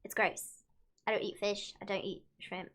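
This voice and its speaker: A woman's voice: medium pitch, level tone, normal speed, a bit bright. A young woman co-hosting a casual live stream, blunt and emphatic, repeating her points. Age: young adult. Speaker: co-host.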